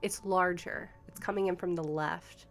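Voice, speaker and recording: A woman running a tabletop game as game master, describing scenes in a measured, descriptive way. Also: fairly low pitch, steady tone, faint music behind.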